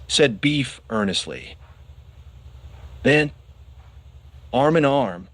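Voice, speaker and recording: Male narrator for a children's audiobook; expressive, animated pitch. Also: takes it slowly, long pauses, dry recording. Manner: expressive storytelling.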